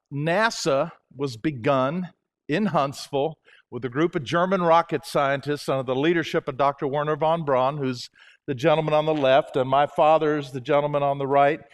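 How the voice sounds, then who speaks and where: An older man from Alabama gives a chapel talk. His voice sits fairly high. He keeps it jokey and chatty, drawing the audience in. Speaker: guest speaker.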